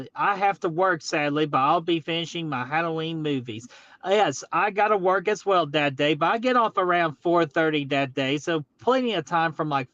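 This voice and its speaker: A man's voice: on the high side, fairly bright tone, dry recording, muffled recording. A man hosting a casual live stream, upbeat and greeting viewers in the chat one by one. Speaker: livestream host.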